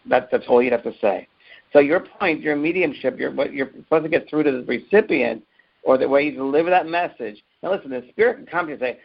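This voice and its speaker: Earnest man, gravelly voice, emphatic, repeats himself, muffled lo-fi audio. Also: medium pitch, expressive, fast. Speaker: medium and teacher. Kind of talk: interview answer, storytelling.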